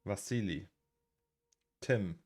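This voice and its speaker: Rambling man streamer, low voice. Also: slow pace. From Germany. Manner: rambling, reads out chat names, chuckles often. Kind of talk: casual live-stream chat. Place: home studio. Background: faint music.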